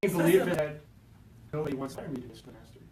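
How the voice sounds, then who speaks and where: A man's voice: on the high side, animated, rapid-fire, dark tone. A man volunteering in a workshop demo, speaking hesitantly and searching for words. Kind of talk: unscripted participation in a demo. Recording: echoey room, distant mic, faint noise.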